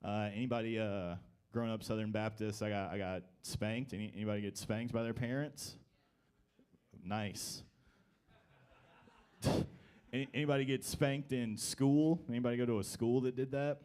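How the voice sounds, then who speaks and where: A young man doing a stand-up comedy set in a live comedy club, telling stories with wry deadpan delivery. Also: medium pitch, moderate pace, pauses often, smooth.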